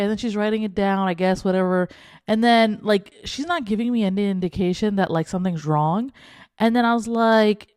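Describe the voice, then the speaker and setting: Young woman podcast co-host, casual storyteller, animated delivery, mid pitch, dry room. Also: fairly quick, no room sound. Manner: animated, acts out quoted dialogue.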